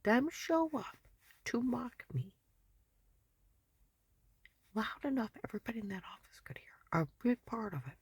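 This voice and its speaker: A woman telling a rambling personal story in an agitated, repetitive way, often dropping to a breathy whisper. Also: a little high, sing-song, measured pace, pauses often, a little mellow, no room sound.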